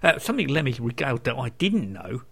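A man's voice: mid-range voice, very animated, fast talker, vocal fry, a bit bright, breathy edge. A man hosting a radio music show, chatting between songs with dry, wry asides.

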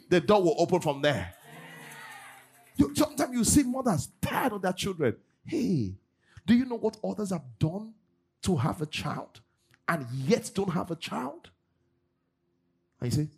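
Pastor guy preaching, husky, bit high, soft music behind. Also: measured pace, pauses often. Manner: animated, swings from loud bursts to low asides. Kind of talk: sermon. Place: church service.

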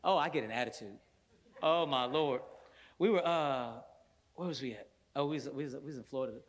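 A male worship pastor with a medium-pitched voice preaches briskly to a congregation in a church sanctuary. Fervent, he swings between loud bursts and hushed stretches, adding playful joking asides and storytelling with laughter.

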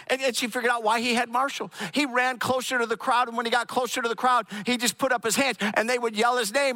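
A man with a high, bright voice tells a personal story in a loose, conversational way. He stumbles and restarts often, doubling up words as he goes. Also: fairly even intonation, fast, hardly any pauses. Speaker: speaker telling a personal story. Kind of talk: casual spoken storytelling.

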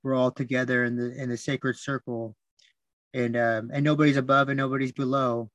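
A man talking as a podcast guest, telling stories in a soft, reflective way, repeating words and restarting often. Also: mid-range voice, level tone, brisk, no echo. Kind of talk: reflective storytelling.

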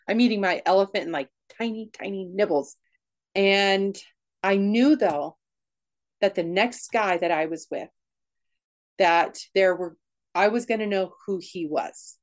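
A woman telling a raw personal story in an interview, candid and emotional, speaking in quick bursts with frequent restarts. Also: mid-range voice. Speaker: guest.

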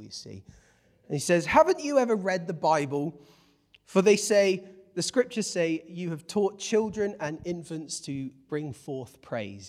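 A man with a slightly high voice preaches in a British accent. He is animated and playful, dropping to soft, low asides and then rising to loud, excited exclaiming. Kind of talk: lively sermon.

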